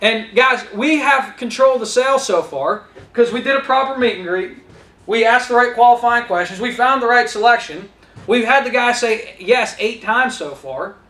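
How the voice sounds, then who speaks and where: A man's voice: very high-pitched, normal speed, reverberant. A man teaching salespeople, talking energetically to trainees and acting out what he says to customers. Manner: energetic, talks straight to trainees, role-plays customer lines. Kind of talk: instructional talk with acted-out dialogue.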